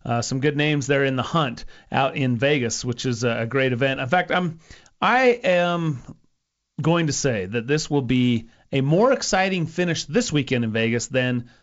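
A man's voice: mid-range voice, expressive, normal speed, muffled recording. Joking male golf radio co-host. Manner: joking, rambling, self-interrupting. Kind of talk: casual sports radio chat.

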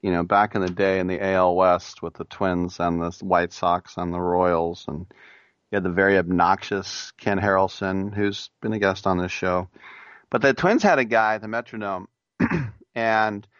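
A man's voice: low-pitched, measured pace, fairly bright tone, clear, resonant tone, dry recording, muffled recording. A man hosting a sports talk radio show, chatting in a rambling, jokey way. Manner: rambling, jokey, does impressions of announcers.

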